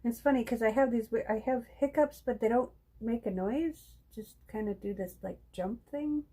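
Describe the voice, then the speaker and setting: A woman's voice: fairly high pitch, normal speed, dark tone, breathy edge. A middle-aged woman hosting a live painting stream, chatting casually and rambling to viewers while she works, with hiccups. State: has hiccups. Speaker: live-stream craft host.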